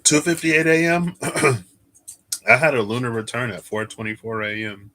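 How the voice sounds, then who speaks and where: Speaking at normal speed with a sharp tone and fairly even intonation, this mid-range male voice belongs to an American tarot reader on a livestream. He chats casually and drowsily, excusing yawns as he thinks aloud, searching and reading chat.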